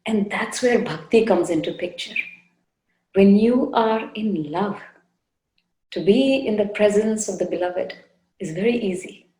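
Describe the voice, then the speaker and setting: A woman spiritual teacher giving a devotional talk with guided meditation, soft, unhurried and gently coaxing, often repeating her phrases. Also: medium pitch, reverberant, poor audio. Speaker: spiritual teacher leading a satsang. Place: indoor room.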